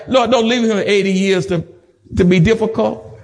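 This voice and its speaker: A man's voice: sits high, normal speed. A male pastor preaching a sermon, building emphatic repetitions and slipping in humorous asides. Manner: rhythmic repetition, rising to emphatic peaks. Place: church sanctuary.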